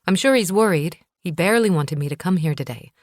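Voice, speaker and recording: A woman reads a first-person thriller in a calm, measured voice. Her pitch sits low, and the recording is close and dry. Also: no room sound. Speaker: audiobook narrator.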